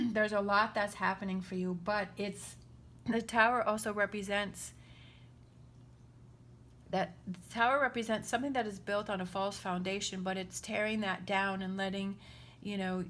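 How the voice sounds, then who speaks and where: A woman's voice: medium pitch, fairly bright tone, slight background noise. A woman giving a casual spoken tarot reading, earnest and reassuring, often checking in with the listener. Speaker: tarot reader.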